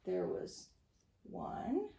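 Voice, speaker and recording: A woman reading a story to young children at home, animated and sing-song, often asking her listeners questions. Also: drawn-out words. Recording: echoey room.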